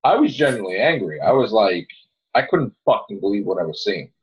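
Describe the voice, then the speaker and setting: A man on a casual fan podcast who talks in heated, profane rants. His voice is a little husky, and the audio sounds dull and lo-fi. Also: lowish voice, sing-song, fairly quick. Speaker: podcast host.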